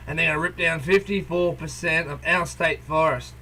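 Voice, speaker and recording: Standing outside near a coal mine, an Australian man who vlogs as an activist speaks bluntly to camera, working "mate" into nearly every line. His pitch is fairly high and his tone sharp, and he talks at a moderate pace with few pauses.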